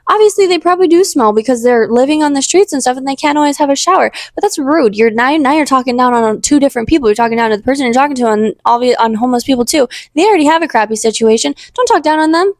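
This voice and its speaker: A woman's voice: high voice, lively intonation, fast talker, few pauses, no room sound, studio quality. A young woman hosting a casual faith talk, earnest and rambling, with many fillers and restarts. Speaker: podcast host.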